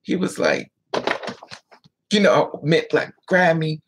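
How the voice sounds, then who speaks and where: A vlogger telling a painful personal story in a candid, emotional way, sometimes dropping to a hush, and answering viewer comments aloud. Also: mid-range voice, sing-song, slow, long pauses, breathy edge, low-quality recording. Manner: emotional, candid storytelling with frequent hushed asides. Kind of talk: casual story time monologue.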